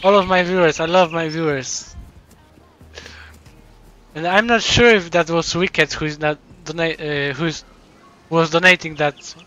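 A man streaming live, his voice high and bright as he stumbles over his words. He is close to tears, slow and halting, repeating himself again and again. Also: fairly even intonation, dull audio. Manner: stammering, overwhelmed, repeats himself. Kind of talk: live stream chat, thanking donors.

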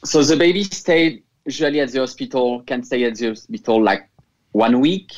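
In a muffled recording, a case manager from a French fertility center answers interview questions over the phone in a medium-pitched voice at normal speed. He speaks earnestly with a French accent, now and then groping for words.

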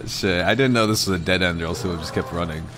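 A young man giving excitable let's play commentary as a gaming streamer, swearing freely and reacting loudly to the game. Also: sits low.

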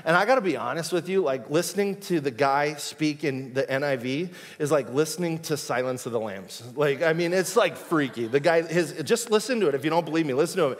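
A man's voice: fairly high pitch, animated, brisk, few pauses. A male pastor preaching a sermon in a casual, joking, conversational way, in a church. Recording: long reverb in a church hall.

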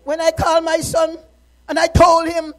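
A middle-aged woman minister preaching a sermon, moving from quiet, personal talk to impassioned shouting. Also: very high-pitched, monotone, a little slow, poor audio.

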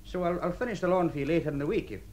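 A man's voice: on the high side, very fast, a little mellow, natural voice. An actor in a radio drama playing an awkward workman who stammers and hesitates. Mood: flustered. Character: awkward flustered male workman. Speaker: the Plumber.

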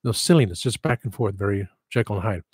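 A man's voice: lowish voice, fast talker, darkish tone, husky, no echo, studio quality. A man hosting a livestream, chatting in a rambling, digressive and self-deprecating way. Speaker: livestream host. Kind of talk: casual livestream chat.

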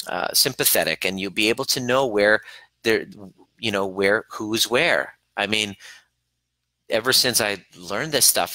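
A man with a lowish, strikingly bright voice talks in a casual teaching monologue. He is earnest and animated, slipping into quick quoted voices. The sound is dry and close. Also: dry recording, rough recording. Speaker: trauma coach hosting a Q&A.

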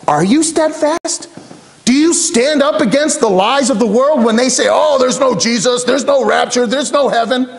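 A man with a high voice preaches a sermon in a church. He drops low and slow on key words, then climbs into urgent questions. His delivery is dramatic and emphatic. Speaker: pastor.

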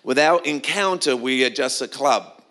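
A middle-aged pastor from Australia gives a church sermon, his mid-range voice sharp in tone and moving at normal speed. He tells stories in a conversational style, often beginning again.

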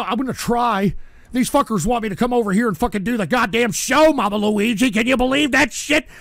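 High, gravelly, swearing livestream host. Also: male voice, a bit bright, no room sound. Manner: angry, swearing, exasperated. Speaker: livestream host reading super chats. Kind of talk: profane ranting livestream talk.

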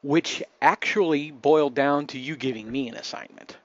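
A man hosting a live webcast, talking in a relaxed, chatty way with many fillers and restarts. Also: fairly high pitch, normal speed, no echo, dull audio. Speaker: host.

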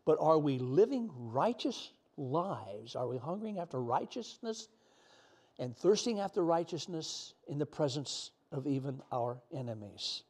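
A man's voice: on the high side, expressive, unhurried, darkish tone, slightly rough. A middle-aged man preaching a sermon in an earnest, emotional way, sometimes close to tears.

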